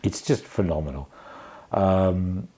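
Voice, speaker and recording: A man's voice: low-pitched, slow, warm tone. A man casually reviewing a vinyl album, rambling with many fillers and restarts.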